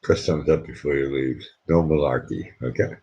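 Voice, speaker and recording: A man hosting a livestream, chatting casually and joking, sometimes talking quietly. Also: very deep voice, normal speed, slightly rough, dull audio. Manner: joking, talks quietly at times. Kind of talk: casual chat.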